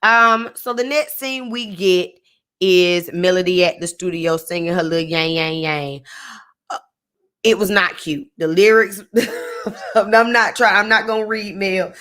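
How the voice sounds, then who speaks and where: A woman's voice: mid-range voice, a little slow, a bit bright. A woman casually recapping a reality TV episode in a sassy, chatty way, full of slang asides. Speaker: TV recap reviewer.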